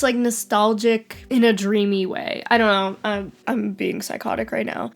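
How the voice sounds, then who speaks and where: Young female vlogger, fairly high pitch, chatty and giggly, curses casually, under the weather. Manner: giggly, rambling, swears casually. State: sick. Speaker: toy nostalgia vlogger. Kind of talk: casual vlog chat.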